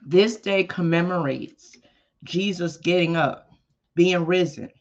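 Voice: medium pitch, takes it slowly. A preacher retelling a story in a conversational sermon, with emphatic exclamations. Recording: dull lo-fi podcast audio.

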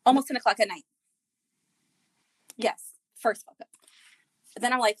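A woman's voice: a little high, measured pace, pauses often, slightly rough, no echo, low-quality recording. A woman in her thirties, a podcast co-host in casual chat with friends, telling a story with lots of swearing and acting out her own lines.

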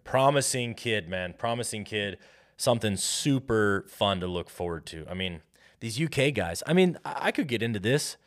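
An American man with a fairly low voice hosts a solo podcast. He talks in a loose, rambling way, full of restarts and asides, as if he's riffing off the top of his head. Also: animated, normal speed. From United States. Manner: rambling, self-interrupting, riffing. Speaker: podcast host.

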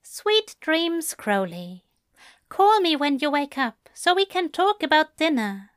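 A woman reading fan fiction aloud, voicing a gentle, doting male angel who speaks softly and tenderly. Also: high voice, sing-song, takes it slowly, dry recording, clean studio sound, voice pushed up, heavily acted. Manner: soft, coaxing, affectionate.

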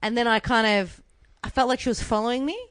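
A young woman with an Australian accent, co-hosting a casual chat and telling a story with animated swearing. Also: fairly high pitch, fast talker, clear, resonant tone, no echo. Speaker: podcast co-host.

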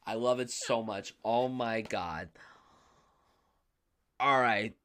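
A man's voice: mid-range voice, takes it slowly, a bit bright. A young man hosting a podcast, talking through films in an enthusiastic, emphatic, casual way. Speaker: podcast host. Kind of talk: casual film discussion.

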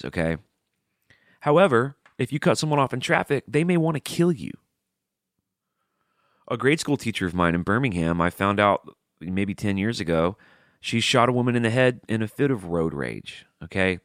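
A man's voice: on the low side, moderate pace, no room sound, studio quality. A middle-aged man from the American South with a Southern accent, telling stories in a casual, profane, rambling monologue as a podcast host. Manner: rambling, profane, animated storytelling.

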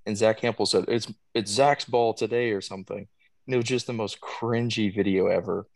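A man co-hosting a podcast, telling a story in relaxed casual chat with frequent fillers. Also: on the low side, gravelly, dry recording. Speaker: podcast co-host.

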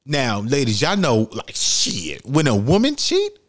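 A man's voice: mid-range voice, huge pitch swings, measured pace. Blunt, profane New podcast man. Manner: blunt, profane, heated commentary. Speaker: podcast host. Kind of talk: solo podcast monologue.

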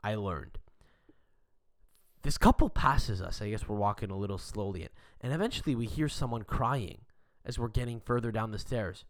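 A young adult man hosting a podcast, telling a story in a rambling, profane, animated rant. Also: on the low side, normal speed. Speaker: podcast host.

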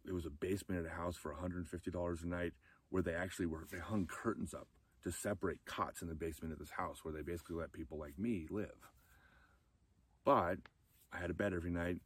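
A man's voice: low-pitched, fairly even intonation, quick pace, slightly rough. A man telling his own life story candidly and emotionally, close to tears at times. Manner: emotional, candid, acts out quoted friends in a raised voice. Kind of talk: personal storytelling talk.

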